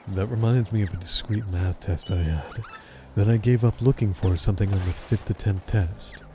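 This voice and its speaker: A man's voice: on the low side, moderate pace, warm tone, a little hiss or hum. A man chatting casually and teasingly while playing a video game with a friend, rambling as he goes. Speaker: let's play co-host. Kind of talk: casual chat over gameplay. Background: game music.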